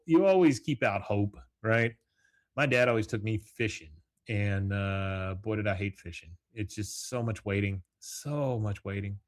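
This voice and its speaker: Low-voiced man recapping with acted-out quotes. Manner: animated, acts out characters' lines with laughs. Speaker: podcast host.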